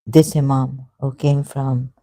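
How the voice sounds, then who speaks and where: Earnest halting man, dark voice. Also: medium pitch, little pitch movement, no room sound. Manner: halting, many restarts and fillers, earnest and pleading. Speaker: religious video commentator. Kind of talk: emotional monologue to camera.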